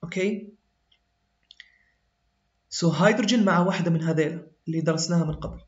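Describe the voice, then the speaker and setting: High-voiced teacher in a roomy, dull recording. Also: male voice, very fast. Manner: explains step by step, checks understanding with "okay?". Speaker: chemistry teacher. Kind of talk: classroom lesson mixing English and Arabic. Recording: roomy, slightly dull lo-fi sound.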